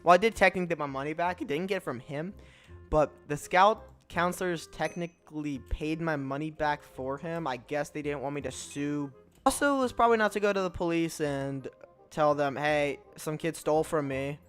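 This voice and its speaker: A young man with a slightly higher voice, smooth and clear, tells a personal story in a chatty, sarcastic way. He often trips over and restarts his words, and quick bits of background music play under him. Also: fairly bright tone. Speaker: storytelling gaming channel host. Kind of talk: casual storytime narration over gameplay.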